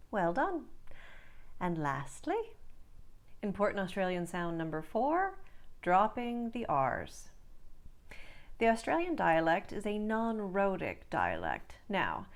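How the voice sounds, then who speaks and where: A woman accent coach giving a scripted lesson, carefully enunciating drill words and phrases. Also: fairly low pitch.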